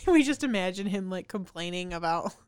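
A woman's voice: lowish voice, animated, moderate pace, darkish tone, smooth, no room sound, clean studio sound. A woman co-hosting a podcast in casual chat, joking and laughing as she talks. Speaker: podcast co-host.

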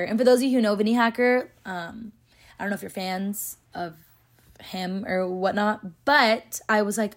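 Young woman, vlogger, rapid chatty storytelling, lots of fillers. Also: mid-range voice, steady tone. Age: young adult. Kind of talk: casual storytelling vlog.

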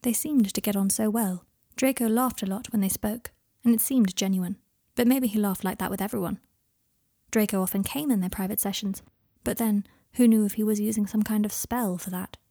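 A woman reading fan fiction aloud in a calm, even narrating voice. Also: mid-range voice, moderate pace, no echo, clean studio sound. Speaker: reader.

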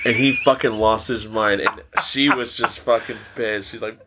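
A man's voice: lowish voice, animated, fast, vocal fry, sharp tone, a little hiss or hum. A man telling crude stories in casual podcast chat, swearing a lot and laughing at his own jokes. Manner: profane, laughing storyteller. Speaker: podcast co-host.

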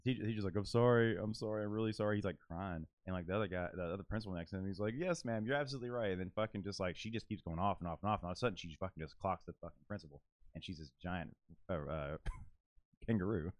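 A man's voice: low-pitched, steady tone, fast talker, dry recording. Rambling, swearing man on a podcast. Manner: rambling, filler-heavy, profane storytelling. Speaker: podcast co-host. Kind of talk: casual podcast chat.

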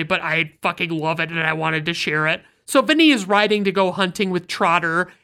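A woman's voice: medium pitch, fairly bright tone. A woman recapping a film in casual talk, blunt and heavy on swearing. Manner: blunt, profanity-laden storytelling. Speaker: film reviewer.

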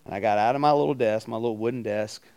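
A man preaching at a campus ministry, telling a story with animated acted-out voices and questions to his listeners. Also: on the low side, quick pace, clean tone. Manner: animated, acts out voices in anecdotes, asks the crowd questions. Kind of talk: storytelling sermon. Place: campus ministry meeting room.

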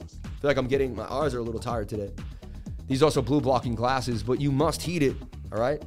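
A man's voice: mid-range voice, fairly quick, faint music behind. Confident man hosting a live stream. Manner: animated, repetitive, confident. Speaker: crypto market analysis livestream host. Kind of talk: casual livestream chart commentary.

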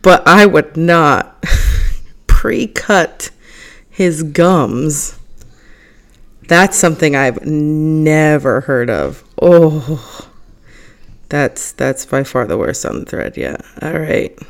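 A young woman hosting a podcast alone, chatting casually and reading forum posts aloud, animated and laughing often. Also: deep voice, very slow, vocal fry, long pauses. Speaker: podcast host.

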